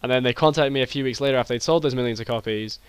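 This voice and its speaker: British man, young, deadpan rambling storyteller, dry close sound. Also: mid-range voice, racing, clear, resonant tone, no room sound. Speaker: podcast co-host. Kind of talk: improvised comedy chat.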